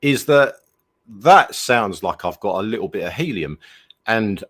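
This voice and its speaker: A man's voice: on the low side, animated, measured pace, a bit bright, husky. A man co-hosting a casual football podcast, reflective and hesitant, often restarting his sentences. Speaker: podcast co-host. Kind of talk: casual chat.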